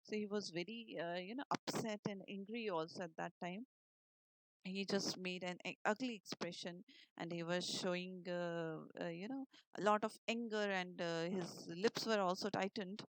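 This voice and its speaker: A woman's voice: lowish voice, fairly even intonation, no room sound, poor audio. Indian woman teacher explaining a story. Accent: Indian English. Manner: explains words slowly, many uh and you know fillers, asks the class questions. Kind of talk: online class, reading and explaining a story.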